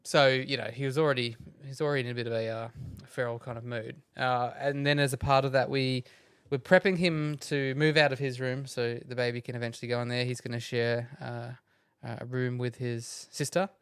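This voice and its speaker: A man in his thirties, co-hosting a podcast and telling a rambling anecdote about his kids in a relaxed way. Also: mid-range voice, brisk, clean tone, no echo, studio quality. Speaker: podcast co-host. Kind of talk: casual chat.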